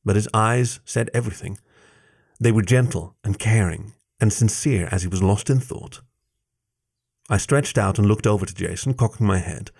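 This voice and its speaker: A man reading a first-person story aloud with expressive narration. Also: on the low side, moderate pace, vocal fry.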